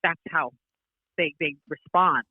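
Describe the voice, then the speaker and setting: A woman's voice: sits low, takes it slowly, slightly rough, dry recording. Woman comedian on a tinny phone line. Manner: rambling, animated storytelling with frequent restarts and laughs. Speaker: comedian guest. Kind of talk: casual podcast chat.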